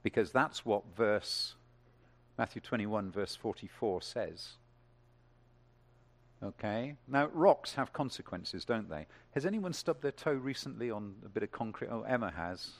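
In an unhurried, gravelly voice of fairly low pitch, a preacher addresses his congregation with lively energy. His sermon climbs to emphatic peaks, and he poses questions to the people gathered.

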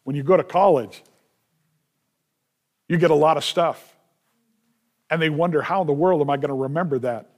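A man's voice: a little high, moderate pace, pauses often. A male pastor preaching a sermon, with emphatic delivery, repeated refrains and rhetorical questions.

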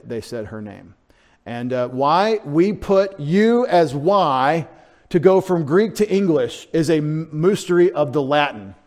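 This pastor delivers his sermon in a mid-range voice, lively and chatty. One moment he's booming for emphasis, the next he's murmuring an aside, and along the way he spells out Greek terms and tosses in joking remarks.

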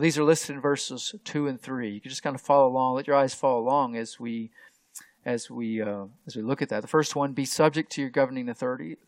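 A male pastor delivers a verse-by-verse sermon in a medium-pitched voice. He works through the text carefully, repeats himself as he restarts phrases, and leans hard on the words he wants to stress. The sound is close and dry, with no room echo. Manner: explanatory, with frequent restarts and stressed key words. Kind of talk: expository sermon.

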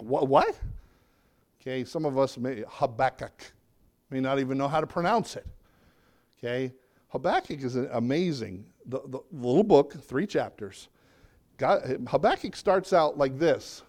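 A middle-aged man preaching a conversational sermon as pastor, dropping his voice low and quiet to drive points home.

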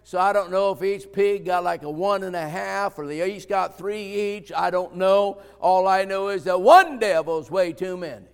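A man preaching a sermon as pastor, folksy and conversational, building to fervent shouts. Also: sits high, normal speed, hardly any pauses, smooth, in a large hall.

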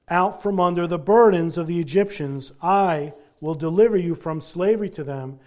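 Preacher guy, kinda high voice, earnest and slow on the big words, church sermon. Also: a little mellow. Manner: earnest, deliberate, stretches key words.

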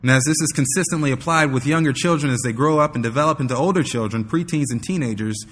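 A man's voice: mid-range voice, fast, fairly bright tone, breathy edge, in a large hall. A man preaching to fathers, teaching earnestly and telling a personal story. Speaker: pastor. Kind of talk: sermon.

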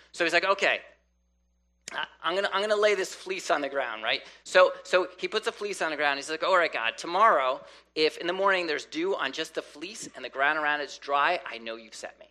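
A man delivers a sermon with a lively, swooping delivery, his voice bright and ringing. He often slips into the voices of people praying to God, then returns to teaching. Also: on the high side, moderate pace. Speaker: preacher.

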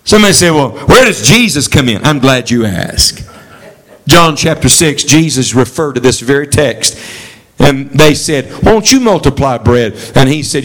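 Man, preacher, sermon, lively swooping delivery, call-and-response with congregation. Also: rough recording. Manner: animated, swooping pitch for emphasis. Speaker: traveling preacher.

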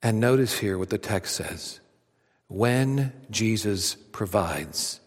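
A man preaching a sermon to a congregation, swinging between loud emphatic lines and hushed near-whispers. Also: fairly low pitch, lively intonation, takes it slowly, slightly rough. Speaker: pastor. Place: church auditorium. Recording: long hall reverb.

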